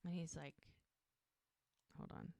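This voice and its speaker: A woman co-hosting a podcast, recapping an episode in casual chat and acting out lines as she goes. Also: no room sound. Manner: animated recapping, acting out lines with quick shifts in pitch. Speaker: podcast co-host.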